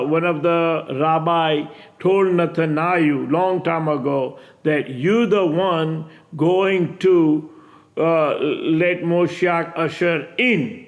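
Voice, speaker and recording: Man in his 60s, high-pitched, slow and emphatic, repeats himself, preaching to camera. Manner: emphatic and repetitive, with halting restarts. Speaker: self-proclaimed messiah addressing viewers.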